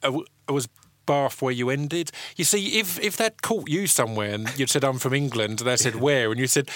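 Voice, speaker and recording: Man, chat host, eager, jokey, bright tone, dry recording. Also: medium pitch, dry recording. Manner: eager, quick affirmations, jokey. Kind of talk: casual interview chat.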